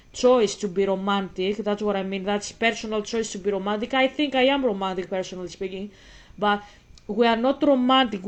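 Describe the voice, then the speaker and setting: A woman delivers a heated vlog rant, emphatic and argumentative as she talks straight back at a critic. Her voice sits a little high. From Greece. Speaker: vlogger. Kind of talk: casual ranting monologue to camera.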